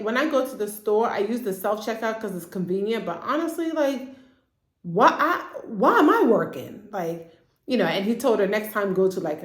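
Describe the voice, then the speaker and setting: A woman therapist giving a casual, chatty recap of a TV drama, slipping into quick impressions of the characters. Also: medium pitch, roomy sound. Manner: chatty, acts out characters' lines in quick asides.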